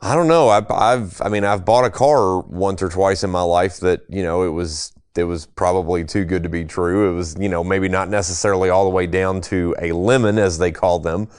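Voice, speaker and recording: A man's voice: sits low, steady tone, normal speed, few pauses, darkish tone, smooth, dry recording, studio quality. A man co-hosting a radio show, chatting in an easygoing, hesitant way. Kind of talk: casual radio chat.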